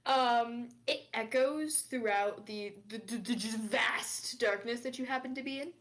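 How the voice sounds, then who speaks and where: A woman's voice: a little high, a little slow, a bit bright. A woman narrating as game master of a tabletop game, giggly and rambling, often stumbling over her words.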